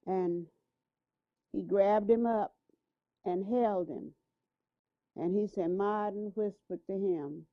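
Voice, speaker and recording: A woman's voice: mid-range voice, slow, pauses often. An older woman recalling past events in an interview, telling her story unhurriedly with small hesitations and restarts. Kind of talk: spoken recollection. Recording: tinny, dry archival phone-like recording.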